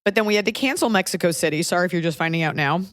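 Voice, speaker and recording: A thirtysomething woman, a comedian who hosts a casual podcast, talks rapid-fire in a lowish, slightly bright voice. She spins wry, rambling stories and slips into put-on voices, recorded at studio quality with no echo.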